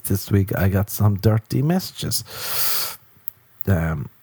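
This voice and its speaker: An Irish man rambles through a self-mocking, sweary story on his solo podcast. His voice sits low and mellow. The sound is dry and close. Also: unhurried, no room sound. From Ireland. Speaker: podcast host.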